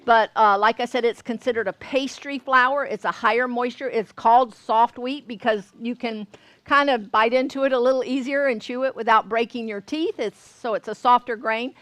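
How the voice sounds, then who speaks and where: A woman's voice: a little high, fairly even intonation, moderate pace, a bit bright, no echo. A woman from Georgia, teaching a baking class in a folksy way and often checking that listeners follow. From Georgia, US South. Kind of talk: cooking class demonstration. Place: store classroom.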